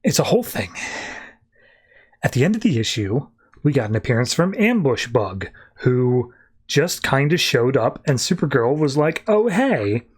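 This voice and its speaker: A man hosting a podcast, casually recapping a comic issue with wry asides and quick bits of the characters' lines. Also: medium pitch, breathy edge. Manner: animated retelling that slips into quick character quotes. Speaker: podcast host.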